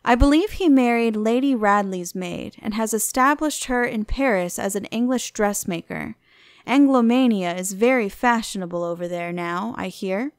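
A woman reading the lines of a petulant, flippant young gentleman who is languid and bored. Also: fairly high pitch, dry recording, clean studio sound.

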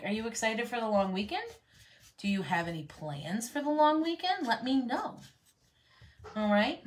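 A woman's voice: mid-range voice, a bit bright, slight background noise. A young woman chatting casually with viewers while she teaches a painting project, rambling with lots of fillers. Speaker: craft painting instructor. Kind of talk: casual live painting tutorial.

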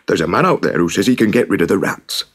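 A man's voice: sits low, animated, fast talker, husky. A man voicing a flustered, blustering town mayor who hems and stammers in a spoken storybook. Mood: indignant. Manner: dithering, hemming and stammering.

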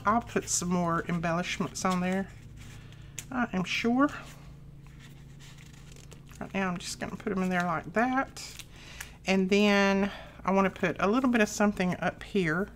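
A woman's voice: mid-range voice, fairly bright tone, a little hiss or hum. A middle-aged woman hosting a crafting channel, chatting casually and rambling homey stories as she works.

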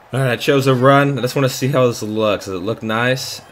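A young man giving live, excitable commentary on his own football video game, swearing and shouting at the plays. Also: medium pitch, fairly quick, slight background noise. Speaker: gaming YouTuber.

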